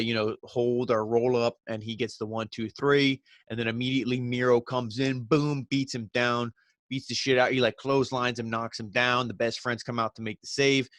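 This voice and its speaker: A man's voice: medium pitch, flat delivery, normal speed, fairly bright tone, no room sound. A man casually recapping and reviewing a wrestling show, rambling with lots of fillers. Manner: loose, rambling, heavy on "you know" and "like".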